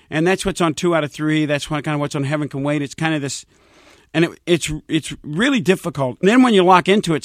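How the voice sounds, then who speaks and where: Chatty male singer, slightly high voice, dry sound. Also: no room sound. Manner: rambling, acts out quoted voices. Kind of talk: casual interview storytelling.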